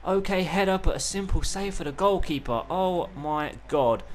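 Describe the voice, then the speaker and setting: Excitable man commentating a football game. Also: high-pitched, moderate pace. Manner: excitable, swings between calm narration and loud outbursts. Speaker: gaming YouTuber. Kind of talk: live play-by-play commentary of a football video game.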